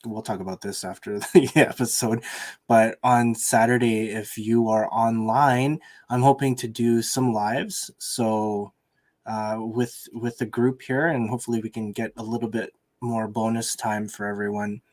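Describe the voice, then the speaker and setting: A man's voice: lowish voice, steady tone, unhurried, darkish tone. A man hosting a casual podcast, upbeat and chatty as he thanks listeners. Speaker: podcast host. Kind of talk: casual chat.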